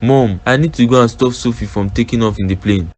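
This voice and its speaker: A man with a Nigerian accent voicing a lovesick young man in an animated drama, pleading and urgent. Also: medium pitch, a little fast, lightly acted.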